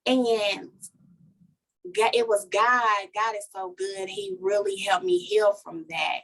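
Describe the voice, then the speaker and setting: A woman, a life coach guesting on a podcast, telling a personal story in a lively, heartfelt way and talking straight to listeners. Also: medium pitch, takes it slowly. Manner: animated storytelling, talks to listeners as "y'all". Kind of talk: casual podcast conversation, personal testimony.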